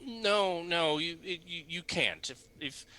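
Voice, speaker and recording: Man putting on a high, pleading priest who stutters in fear, for a tabletop game. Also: takes it slowly, sharp tone. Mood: desperate. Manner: stammering and begging. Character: frightened, pleading male village priest.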